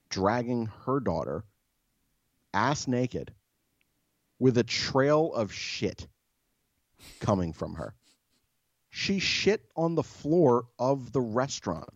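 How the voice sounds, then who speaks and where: A man's voice: mid-range voice, sing-song, slow, pauses often, no room sound, dull audio. A man co-hosting a podcast, telling a story in a profane, exasperated rant. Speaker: podcast co-host. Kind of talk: casual storytelling.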